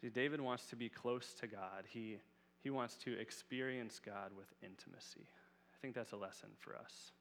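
A man's voice: mid-range voice, normal speed, fairly bright tone, slight background noise. Earnest male preacher in a reverberant hall. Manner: earnest, casual with fillers. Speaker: Bible teacher. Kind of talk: conversational sermon.

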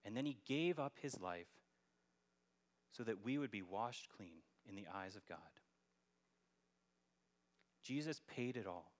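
A man's voice: fairly low pitch, animated, measured pace, pauses often. A man preaching a sermon as a church elder, earnest and building to emphatic peaks. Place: church sanctuary.

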